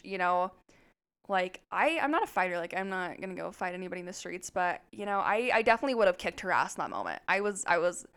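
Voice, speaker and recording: A woman co-hosting a podcast, telling a story in an animated, chatty way and swearing freely. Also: medium pitch, clean tone. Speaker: podcast co-host. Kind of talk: casual storytelling chat.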